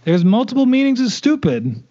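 A man's voice: very high voice, very animated, normal speed, mellow. Teasing, stubborn man on a podcast. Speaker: podcast co-host. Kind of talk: casual debate chat. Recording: dull lo-fi podcast audio.

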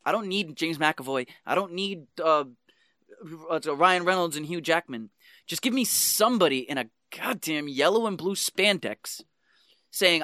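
A man's voice: fairly high pitch, lively intonation, moderate pace, pushed and bright, no echo, clean studio sound. A man co-hosting a podcast in casual chat, emphatic and exasperated, swearing as he rants about a movie. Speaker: podcast co-host.

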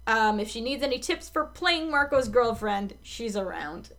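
Chatty, swearing woman, higher voice. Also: expressive, moderate pace, a bit bright. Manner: frequent swearing and filler words. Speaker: podcast co-host. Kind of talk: casual episode recap chat.

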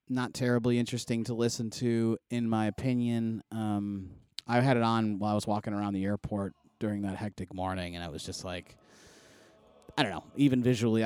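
A man's voice: lowish voice, a little mellow. A man hosting a podcast, chatting loosely and rambling with lots of fillers and restarts. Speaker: podcast host. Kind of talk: casual podcast chat.

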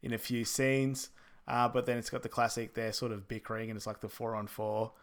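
A man's voice: mid-range voice, flat delivery, fairly quick. A man co-hosting a casual podcast, talking through a film recap in an easygoing way. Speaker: podcast co-host.

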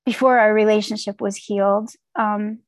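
A woman's voice: mid-range voice, fairly even intonation, moderate pace, no echo. A woman telling a candid, wry personal recovery story, acting out her own inner voices. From Texas. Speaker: speaker sharing a recovery story. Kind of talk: personal testimony talk.

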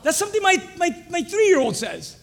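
A young adult man preaching a sermon, quizzing the congregation with fill-in-the-blank questions and rising to shouts. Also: extremely high pitch, big pitch swings, fairly quick, long reverb tail. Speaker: pastor.

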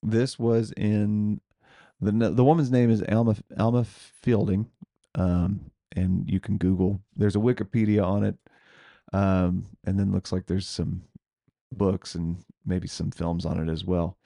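A man with a low, gravelly voice co-hosts a podcast and tells a ghost story in a loose, rambling way. He laughs often as he goes. The sound is dry and close, with no room around him. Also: level tone, measured pace, mellow, dry recording. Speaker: podcast co-host. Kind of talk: casual chat, telling a ghost story.

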